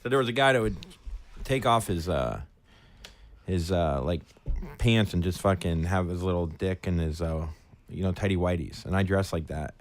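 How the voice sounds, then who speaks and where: A man co-hosting a podcast, telling a crude, rowdy story in casual chat and loudly acting out what people said. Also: low-pitched, normal speed. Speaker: podcast co-host.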